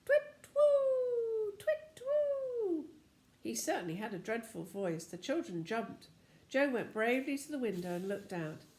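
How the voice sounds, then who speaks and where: An older woman reading a children's storybook aloud as a lively storyteller who talks to the listener. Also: medium pitch, normal speed, roomy sound.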